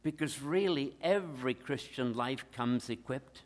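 A man preaching a sermon, emphatic, swinging between loud declarations and hushed asides. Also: mid-range voice, a little slow, big-room sound.

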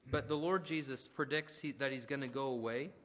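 A man's voice: mid-range voice, brisk, a bit bright. A man preaching a sermon, talking conversationally and telling personal stories with asides and restarts. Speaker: pastor. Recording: long hall reverb.

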